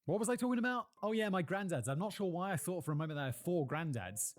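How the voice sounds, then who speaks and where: A man's voice: high-pitched, animated, quick pace, no room sound, clean studio sound. A British man hosting a casual history talk, rambling into playful, jokey asides. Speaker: host.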